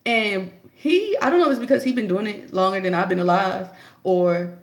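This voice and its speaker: A young woman talks straight to her audience in a loose, chatty monologue, spinning her story with lots of animation. Her voice carries a gravelly, fry-touched edge, and her pitch sits in an everyday middle range. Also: normal speed, echoey room. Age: young adult. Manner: chatty, animated storytelling, jumps high to act out her own quotes. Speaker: vlogger. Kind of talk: casual opinion monologue.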